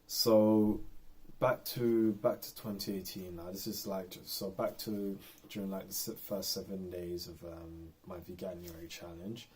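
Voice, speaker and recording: A man's voice: low-pitched, flat delivery, a little slow, a little hiss or hum. A man talking candidly and in a rambling way in an unscripted personal vlog. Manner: rambling and candid, lots of fillers. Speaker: vlogger.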